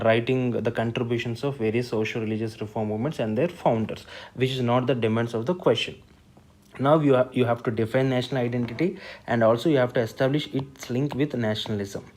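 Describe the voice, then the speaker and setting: A man with an Indian English accent gives a spoken lesson and reviews a written exam answer point by point. His voice sits at an ordinary middle pitch. He talks in a measured, explanatory way, stopping for fillers and restarting phrases. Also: a little mellow.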